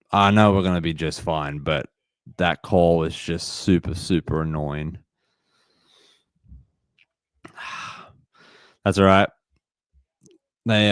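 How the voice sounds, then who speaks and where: A man's voice: low voice, clean tone, no room sound, clean studio sound. A young man hosting a live sports watch-along, frustrated at calls and reading chat messages aloud. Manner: frustrated, reacts to plays and reads chat aloud. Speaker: livestream host.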